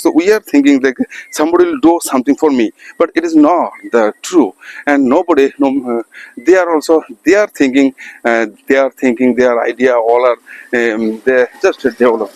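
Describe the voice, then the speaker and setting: A man talks through an unscripted practice session. He pauses often, restarts his phrases and reaches for words. His voice sits at an ordinary middle pitch, and the recording is close and dry, with no room sound. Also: a little mellow, no room sound, rough recording. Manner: halting, searching for words, many restarts and fillers. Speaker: English practice vlogger. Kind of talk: unscripted spoken English practice monologue. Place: outdoors by a road.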